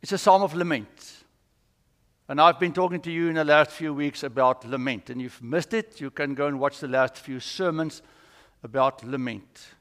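A man with a slightly bright, high-side voice preaches at a moderate pace in a church sanctuary, with long church reverb in the recording. The pastor is earnest and tells stories while teaching.

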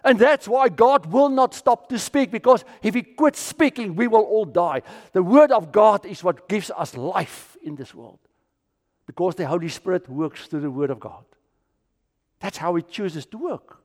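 A man from South Africa preaching a sermon as pastor, swinging from full voice down to hushed, almost whispered lines. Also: sits high, lively intonation, a little slow. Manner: dramatic swings from loud to near-whisper. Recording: long hall reverb.

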